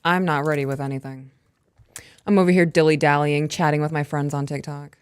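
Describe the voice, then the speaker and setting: Young woman co-host, low-pitched, dry close sound, chatty and self-conscious. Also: little pitch movement, brisk, clean tone, dry recording. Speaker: podcast co-host. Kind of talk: casual live-stream chat and email reading.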